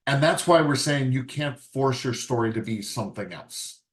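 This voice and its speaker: A man presenting a writing workshop in a relaxed lecture style, talking conversationally and acting out short scenes with quick voice changes. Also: medium pitch. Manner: conversational, acts out little scenes with quick voice shifts.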